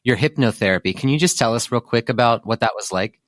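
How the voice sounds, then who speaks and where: A man's voice: mid-range voice, animated, fast talker, fairly bright tone, no room sound. A man hosting a podcast who chats in an upbeat way and tells stories freely. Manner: upbeat, chatty storyteller. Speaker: podcast host. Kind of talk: casual interview chat.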